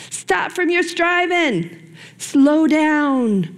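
A middle-aged woman preaching a sermon to a women's ministry group, earnest and personal, with dramatic pauses and a lively delivery. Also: high voice.

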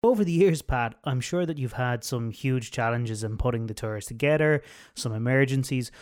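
Male host, friendly interviewer, mid pitch. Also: moderate pace, darkish tone. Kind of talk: interview questions.

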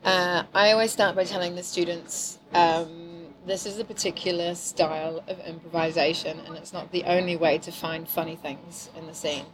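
A middle-aged woman from New Zealand with a mixed, softened accent, talking casually and laughing easily as an improv teacher on a podcast. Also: on the low side, steady tone, normal speed, few pauses, a crowd in the background, low-quality recording. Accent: New Zealand, softened by years in England. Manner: chatty, laughing, self-deprecating. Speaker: improv teacher and corporate trainer.

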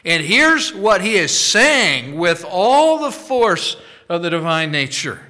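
A man preaching a sermon, slow and deliberate, with sudden loud emphatic bursts. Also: high-pitched, big pitch swings.

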